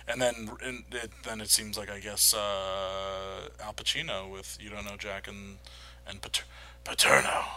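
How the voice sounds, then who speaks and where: Easygoing man with a bright voice. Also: fairly low pitch, level tone, unhurried, hardly any pauses, slight background noise. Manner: easygoing, lists things with hesitations. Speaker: podcast co-host. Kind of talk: casual film chat.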